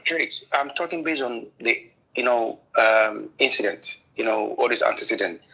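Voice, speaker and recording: A man's voice: mid-range voice, normal speed, vocal fry, slightly rough. A man with a Nigerian accent in a casual livestream chat, teasing and mock-fearful, often repeating himself. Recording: dull lo-fi line with faint noise.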